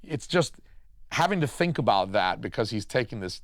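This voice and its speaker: A man's voice: medium pitch, big pitch swings, moderate pace, fairly bright tone, dry recording, studio quality. A man doing casual, rambling film commentary as a horror reviewer, irreverent, with crude jokes.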